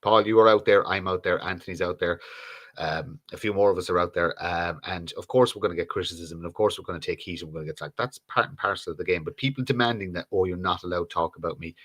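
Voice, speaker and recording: Low-voiced Irish man, blunt co-host. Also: fast talker. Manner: blunt, animated and profane, with repeated restarts. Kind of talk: casual live stream chat.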